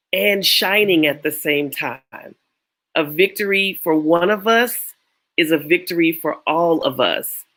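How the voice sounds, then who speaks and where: A woman's voice: deep voice, fairly bright tone. A woman hosting a casual panel chat over a video call, playful and joking, often laughing. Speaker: host.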